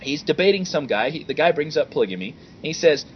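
A man co-hosting a casual podcast, talking in an animated, sarcastic and exasperated way. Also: fairly high pitch, fast, hardly any pauses, lo-fi sound, a little hiss or hum. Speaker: podcast co-host.

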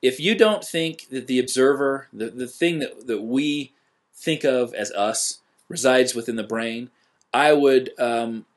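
A man co-hosting a podcast in casual, skeptical chat, sardonic and debunking, with halting fillers. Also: mid-range voice. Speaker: podcast co-host.

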